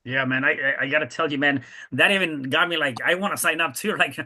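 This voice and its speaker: Fast, bright-voiced enthusiastic man. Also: fairly high pitch. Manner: enthusiastic, stammering restarts. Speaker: co-host. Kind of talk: casual chat.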